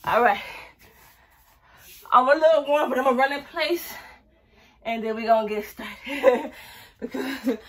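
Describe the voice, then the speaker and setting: A woman's voice: sits high, unhurried, long pauses. A young woman vlogging her dance workout at home, chatty and out of breath, counting reps aloud to a distant camera. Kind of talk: casual workout vlog.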